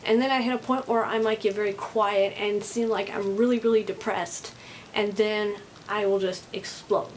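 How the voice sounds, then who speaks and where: A woman vlogging to camera while overstimulated, talking louder than usual in a rambling way that sounds angry and on edge. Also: medium pitch, steady tone, moderate pace, a little hiss or hum, rough recording. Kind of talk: casual vlog monologue to camera.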